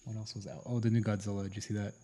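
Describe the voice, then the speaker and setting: A young man with a very low, gravelly voice hosts a loose podcast chat among friends. His tone is dark and husky, and he jokes and rambles as he moves the talk along. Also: level tone, very fast. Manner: jokey, rambling. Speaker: podcast host. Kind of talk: casual chat.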